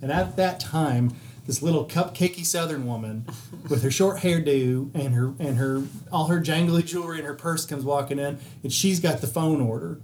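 Profane, animated male podcast storyteller. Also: on the high side, normal speed, slight background noise. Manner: profane, animated anecdote-telling with quoted voices. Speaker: podcast co-host. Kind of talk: casual storytelling.

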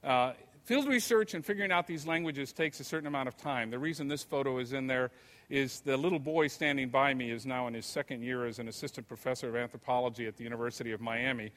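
A man's voice: mid-range voice, fairly bright tone. Older man lecturing in a reverberant hall. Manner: conversational, unhurried storytelling. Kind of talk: anecdotal lecture.

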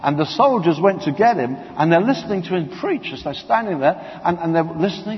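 A man preaching a sermon, telling stories with lively acted-out quotes. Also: fairly high pitch, fairly quick, few pauses. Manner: animated storytelling, acting out voices and quotes. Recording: dull sound, long hall reverb.

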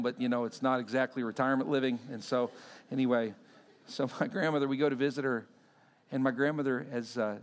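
A middle-aged man preaching a sermon, telling stories and swinging from hushed, near-whispered passages to shouted ones. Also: medium pitch. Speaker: pastor.

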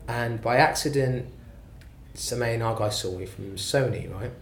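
A man's voice: medium pitch, normal speed, creaky, slight background noise. A man who is a singer-songwriter, telling his story in a rambling, self-deprecating way during a casual interview. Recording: roomy echo, faint ambience.

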